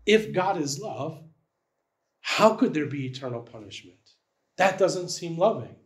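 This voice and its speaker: A man's voice: fairly high pitch, very animated, unhurried. A man, the church's pastor, preaching a sermon in a conversational style, often checking in with "right?".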